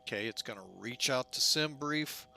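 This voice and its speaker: A man's voice: medium pitch, moderate pace, bright, forceful tone, a little hiss or hum. A man giving casual, jokey commentary while setting up a flight simulator, often poking fun at himself. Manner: chatty, jokey, self-mocking.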